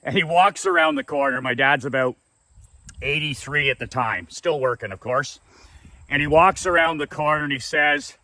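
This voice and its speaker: A man's voice: fairly high pitch, expressive, moderate pace, sharp tone, no room sound. A middle-aged man, a business coach, telling a blunt, profane motivational story with strong emphasis.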